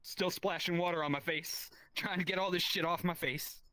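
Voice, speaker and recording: A man telling a self-deprecating stand-up story in a deadpan, profane way. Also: high-pitched, moderate pace, no echo. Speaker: stand-up comedian.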